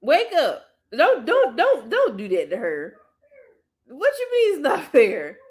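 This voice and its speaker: Woman livestream host, casual chat, soothing and coaxing tone, bouncy animated pitch. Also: slow pace. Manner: chatty and relaxed with viewers.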